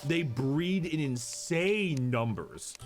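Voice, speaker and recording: A man's voice: fairly high pitch, expressive, slow. A man co-hosting a casual podcast, explaining lore in a rambling way with many repeated words and restarts.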